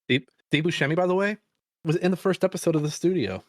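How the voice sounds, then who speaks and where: A man co-hosting a podcast in casual chat, animated, laughing often and slipping into put-on voices. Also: fairly high pitch, fast talker, dry recording, clean studio sound. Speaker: podcast co-host.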